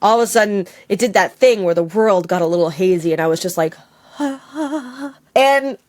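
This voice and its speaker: A woman from Canada telling a personal story in an interview, animated and laughing, acting out her own quotes. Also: mid-range voice, normal speed. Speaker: storyteller guest. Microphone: on camera, video call.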